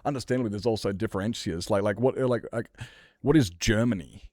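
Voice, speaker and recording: A man's voice: on the low side, a little fast, a little mellow, no room sound, studio quality. A man, casually chatting with viewers during a game stream, rambling and argumentative, swearing now and then. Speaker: livestreamer. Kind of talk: casual chat with viewers while gaming.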